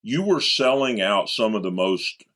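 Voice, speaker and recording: A man's voice: lowish voice, lively intonation, unhurried, fairly bright tone. A man hosting an interview, asking enthusiastic, well-prepared questions. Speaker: interview host.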